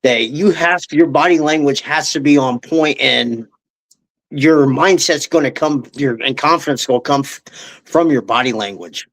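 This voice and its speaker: A man's voice: medium pitch, normal speed, a bit bright. Friendly man interviewer. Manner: friendly, laughs along, brief replies. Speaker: podcast host, interviewer. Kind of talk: interview questions.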